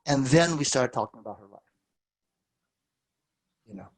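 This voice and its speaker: A man teaching a therapy workshop, telling lively anecdotes and acting out what people said. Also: normal speed. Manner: animated storytelling, acts out quoted lines with big pitch jumps. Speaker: therapist and lecturer.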